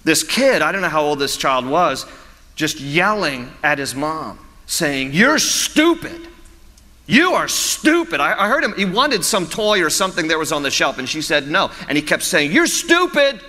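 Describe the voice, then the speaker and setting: A man preaching a sermon as a pastor, animated and storytelling, often restarting his phrases. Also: fairly high pitch, normal speed, in a large hall.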